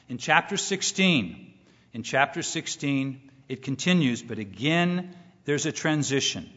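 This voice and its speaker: A middle-aged male preacher with a slightly high voice delivers a sermon with emphasis, circling back on key phrases. His voice rings out in a large reverberant hall. The recording is muffled and dull. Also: fairly bright tone. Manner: emphatic, repeats key phrases, rises when quoting scripture. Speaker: pastor.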